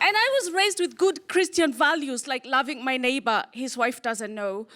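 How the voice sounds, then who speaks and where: On a club stage, a high-pitched Kenyan woman performs stand-up, delivering punchy deadpan lines and pausing for laughs.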